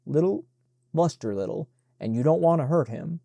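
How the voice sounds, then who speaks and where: A man reading the part of a firm elderly woman housekeeper who hushes the children, in a mellow, dry voice. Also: fairly high pitch, expressive, moderate pace, vocal fry, no room sound. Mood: firm, hushing.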